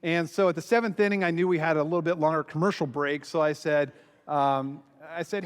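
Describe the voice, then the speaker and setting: A long, echoing reverb from the big hall surrounds this man as he preaches at a conference, animatedly narrating a story and performing the quoted lines. He speaks briskly in a fairly high, steady, clean-toned voice.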